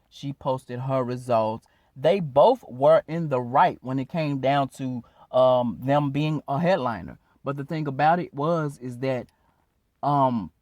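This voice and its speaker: A man's voice: medium pitch, warm tone, dry recording. A man casually narrating a recap as a commentary host, conversational and loose, with fillers and hedges.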